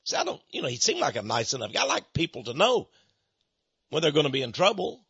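Male speaker, American, dry husky delivery, plays every character in his anecdotes. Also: fairly high pitch, fast talker, dry recording. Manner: animated, acts out both sides of conversations. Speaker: Christian speaker on Freemasonry. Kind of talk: storytelling sermon talk. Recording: dull muffled lo-fi recording.

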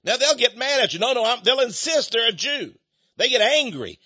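A man's voice: very high-pitched, sing-song, moderate pace, pushed and bright, husky, dry recording. An older man giving a folksy, rambling monologue, chuckling between his points. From United States. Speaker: speaker. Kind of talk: opinionated monologue. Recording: dull lo-fi dry recording.

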